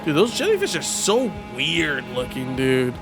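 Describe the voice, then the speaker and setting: A man giving casual live commentary while streaming a game, talking to his chat in an excitable, rambling, slangy way. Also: fairly high pitch, a little slow. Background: game music.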